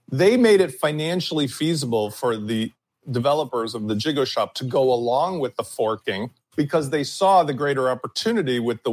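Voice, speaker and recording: A man co-hosting a casual panel discussion, opinionated and emphatic, stretching out his key words. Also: medium pitch. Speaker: podcast co-host.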